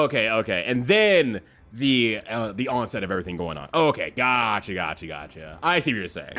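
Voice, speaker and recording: A man streaming a game, chatting casually and laughing often, with animated jumps in pitch. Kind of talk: casual chat while playing a game. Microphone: streaming mic.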